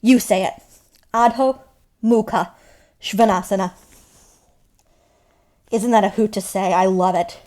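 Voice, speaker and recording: A woman from Michigan teaching yoga to young children, playful and animated as she talks to small kids. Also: mid-range voice, brisk, few pauses.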